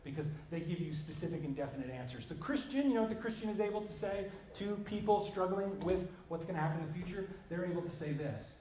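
A man preaching a conversational sermon, emphatic, swinging between loud and hushed passages. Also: sits high, lively intonation, fast talker, few pauses. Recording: roomy echo with faint background noise.

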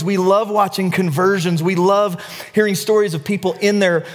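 A middle-aged man preaches a sermon in a voice a bit higher than most men's. His delivery is lively and storytelling, falling to near whispers and climbing to excited near shouts. The sound carries a long reverb from the hall. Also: normal speed, soft background music. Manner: storytelling, animated, swings from hushed to near-shouting. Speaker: pastor.

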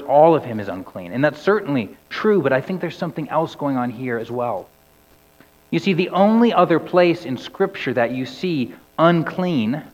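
A man preaching a sermon. His delivery sinks low and soft on key words and climbs to loud cries when he quotes scripture. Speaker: pastor. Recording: dull recording with long hall reverb.

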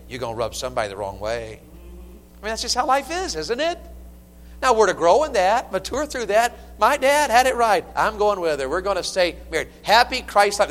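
A man preaching a sermon in a church, animated and folksy with humor. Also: sits high, slight background noise. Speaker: pastor. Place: church sanctuary. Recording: long reverb of a church hall.

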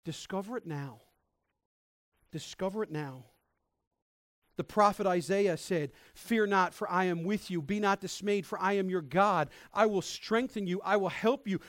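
A man's voice: sits high, no echo. A male pastor preaching a sermon in a conversational, emphatic way, quoting scripture to his congregation. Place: church.

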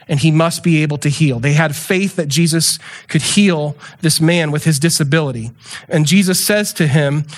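A man preaching a sermon in a conversational, animated way, acting out little scenes with quick asides. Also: fairly high pitch.

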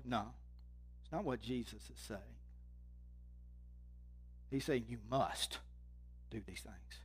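A man preaching a sermon, reading scripture with rising intensity and dropping low and quiet to drive points home. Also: animated, slow pace, long pauses, breathy edge.

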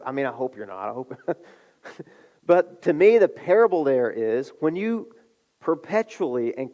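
A middle-aged man preaching a sermon, telling a story with animated delivery and acting out the voices. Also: a little high. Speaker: pastor.

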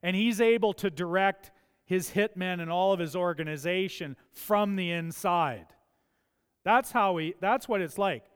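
A man preaching a sermon, emphatic and building to forceful peaks. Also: high voice, a little slow, clean tone. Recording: long church hall reverb.

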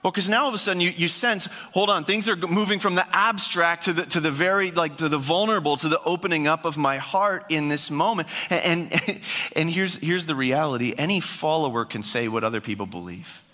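A man's voice: on the high side, brisk, pushed and bright, long reverb tail. A man preaching a sermon as pastor, speaking in a conversational, emphatic way.

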